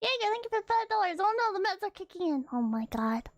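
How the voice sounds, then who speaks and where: A woman's voice: extremely high pitch, sing-song, fast talker, no room sound. A young woman streamer reading a horror story aloud between chat to viewers, flustered and giggly, stumbling over words.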